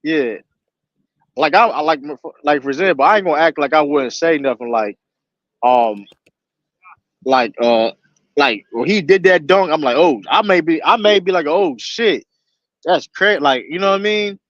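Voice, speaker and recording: Animated swearing man talking sports. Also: a little high, normal speed, no room sound, highs cut off. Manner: animated, swears a lot, many fillers. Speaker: show host. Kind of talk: casual sports chat.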